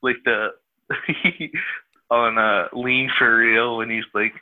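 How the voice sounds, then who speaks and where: A man's voice: medium pitch, fairly even intonation, slow. A man from New Jersey, co-hosting a casual chat over the phone, laughing and swearing as he rambles. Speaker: podcast co-host. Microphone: phone call. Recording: dull lo-fi phone sound.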